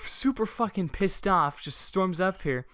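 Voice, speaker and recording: A man's voice: sits high, lively intonation, measured pace, pushed and bright, no echo. Swearing young guy, rambling. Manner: rambling storytelling with heavy swearing. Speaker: podcast host. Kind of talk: casual podcast chat. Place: room above a garage.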